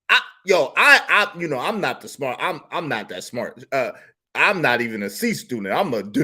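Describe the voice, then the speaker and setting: A male stream host giving fast-swinging, theatrical commentary, mocking and exclaiming, then dropping to a mutter. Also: a little high, sing-song, sharp tone, breathy edge.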